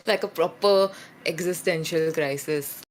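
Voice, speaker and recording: A woman's voice: lowish voice, slow, slight background noise. A nineteen-year-old woman with an Indian English accent, chatting as a guest in a friendly way and laughing easily. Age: late teens. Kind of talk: casual interview chat.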